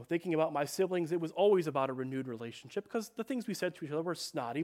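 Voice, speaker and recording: An earnest male pastor preaching a sermon, his voice sitting a little high for a man. He slows down and sinks to a near-hush on the phrases he wants to land.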